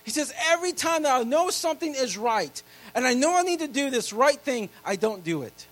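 A male pastor preaching a sermon, reading scripture loudly and slowly, then dropping into quiet, quick asides to the congregation. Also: very high-pitched, big pitch swings, low-quality recording.

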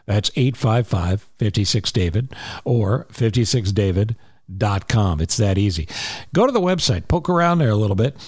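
A man's voice: on the low side, animated, normal speed, darkish tone, slightly rough, no echo, clean studio sound. Chatty man hosting a podcast. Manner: chatty, emphatic, repeats key points. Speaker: podcast host. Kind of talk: casual podcast talk with ad read.

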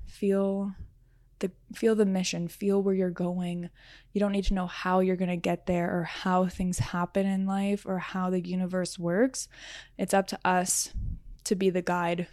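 A woman's voice: mid-range voice, a little mellow, no room sound, clean studio sound. A woman hosting a solo podcast as a riding coach, talking in an earnest, reflective way with many "like" fillers.

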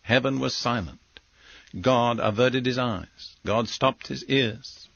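A man of middle pitch teaches from scripture in slow, deliberate phrases. The recording is dull and lo-fi. It is close and dry with no room around it. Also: creaky, fairly bright tone, no room sound. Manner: measured, deliberate delivery in short phrases. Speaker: Bible teacher. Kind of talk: sermon.

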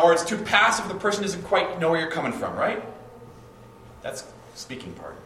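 A man's voice: a little high, fairly bright tone, a little hiss or hum. A man preaching a sermon in a conversational way, acting out short quoted exchanges, heard from a distance in an echoey hall. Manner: conversational, acts out quoted couples. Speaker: pastor.

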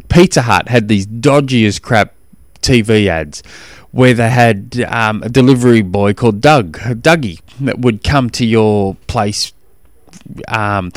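A man's voice: lowish voice, no echo. Give me a chatty Australian man hosting a podcast, rambling, with a dry, close sound. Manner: rambling and chatty, with frequent restarts. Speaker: podcast host. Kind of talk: casual podcast chat.

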